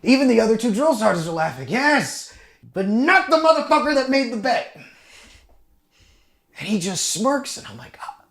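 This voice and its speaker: Telling a profanity-heavy story as a podcast guest, this young U.S. army veteran speaks at a normal speed with a creaky voice and frequent pauses. His pitch swings a lot, and so does his volume.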